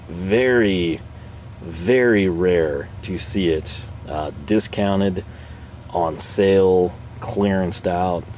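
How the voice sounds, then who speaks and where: Low-voiced man rambling through a tool review. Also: darkish tone, a little hiss or hum. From North America. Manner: rambling, self-deprecating, chuckles often. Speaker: tool reviewer and channel host. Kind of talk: casual product review.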